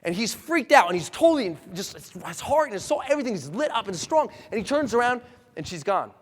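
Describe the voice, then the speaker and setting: Motivational speaker guy on stage, high voice that swings all over, long echo in a big hall. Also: fairly quick. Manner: energetic, emphatic storytelling. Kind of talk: motivational seminar talk. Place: large hall with live audience. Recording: echoey hall reverb.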